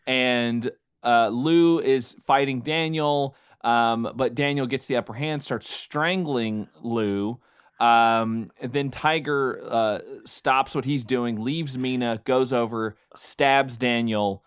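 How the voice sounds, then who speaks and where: A man's voice: mid-range voice, slow, clean tone. A male podcast co-host talks through a film's plot in loose, rambling casual chat. He stumbles and restarts, trails off, and breaks into amused laughter while he explains. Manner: rambling recap with fillers and restarts. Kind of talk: casual chat recapping a film.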